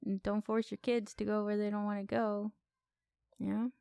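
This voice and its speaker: A woman co-hosting a podcast, talking through a film in animated casual chat and swearing freely. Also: medium pitch, moderate pace, creaky, clean tone, no room sound. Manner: animated, swears freely, repeats questions for effect. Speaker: podcast co-host. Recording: dry close recording.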